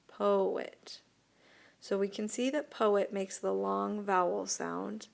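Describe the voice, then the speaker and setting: A woman teacher speaks slowly and patiently as she records a video lesson. Her voice has a gravelly edge of fry, and she walks her students through each step. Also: medium pitch. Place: voice-over for an interactive whiteboard video.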